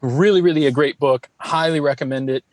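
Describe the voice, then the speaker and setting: A man co-hosting a podcast in casual chat, telling stories in an animated way and laughing often. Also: on the high side, fairly quick, no echo. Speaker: podcast co-host.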